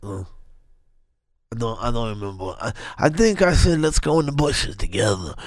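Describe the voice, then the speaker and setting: A middle-aged man being interviewed, speaking haltingly, repeating himself and swinging between mumbling and loud. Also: medium pitch, sing-song, dry recording. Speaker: guest. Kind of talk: casual interview.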